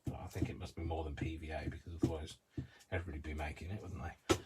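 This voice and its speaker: A man's voice: a bass voice, little pitch movement, quick pace, heavy background noise. A man hosting a live craft tutorial, talking casually through each step with rambling, self-mocking asides. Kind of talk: live-streamed craft demonstration.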